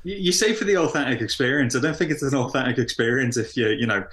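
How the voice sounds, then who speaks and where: A man's voice: mid-range voice, fast, fairly bright tone. A man co-hosting a podcast, wry and teasing in casual chat. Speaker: podcast co-host. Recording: roomy echo.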